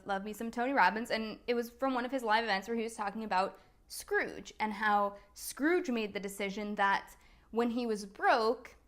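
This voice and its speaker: A woman's voice: fairly high pitch, fairly bright tone. A woman, a coach talking casually on a live video, chatty and laughing at herself. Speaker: business strategy and NLP coach, host.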